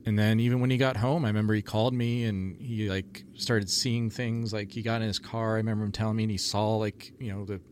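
A man's voice: lowish voice, steady tone, fairly quick, hardly any pauses, darkish tone, slight background noise. A man, a paranormal TV investigator, telling stories in a rambling casual chat full of "like" and "you know".

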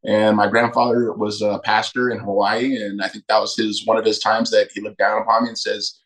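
A man's voice: lowish voice, level tone, brisk, a bit bright, poor audio. A middle-aged man, a podcast guest, telling candid personal stories emphatically and acting out quoted dialogue. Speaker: podcast guest, retired fighter.

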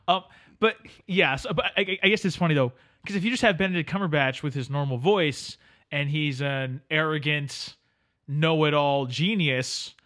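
A man's voice: fairly high pitch, a bit bright. A man co-hosting a podcast, chatting casually in a joking, rambling way full of fillers. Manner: joking, rambling, quick talk with many fillers. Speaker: podcast co-host. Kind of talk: casual chat.

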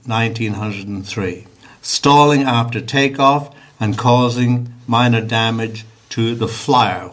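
A man's voice: mid-range voice, fairly bright tone. A man reading a historical account aloud on a talk show, with small hesitations.

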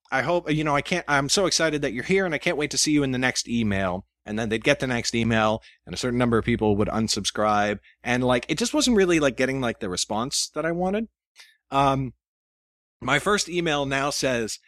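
A man talking as a guest on a podcast, animated and self-mocking, acting out the emails he sends. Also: mid-range voice, a little fast, dry recording, studio quality. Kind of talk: casual interview chat.

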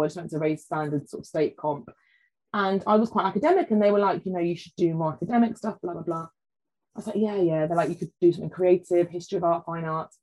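A woman, a food writer chatting on a podcast and telling family stories in a lively way. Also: fairly low pitch, rough recording. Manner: chatty storyteller, animated quoting. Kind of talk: casual chat.

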